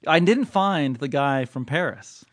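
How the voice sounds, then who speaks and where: A man's voice: on the high side, lively intonation, unhurried. A man with a slightly raised voice co-hosts a podcast. He rambles in loose casual chat, joking and laughing as he goes. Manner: rambling, jokey, laughs often. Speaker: podcast co-host.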